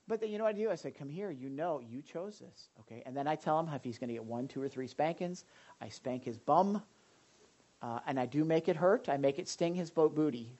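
A middle-aged male pastor preaching to a congregation, animated, acting out little scenes with sudden loud outbursts. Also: mid-range voice, moderate pace. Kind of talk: sermon talk with audience sharing.

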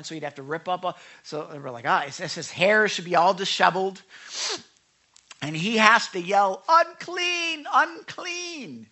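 A man preaching a sermon, animated and talking back and forth with his congregation, acting out quotes. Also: fairly high pitch. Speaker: pastor.

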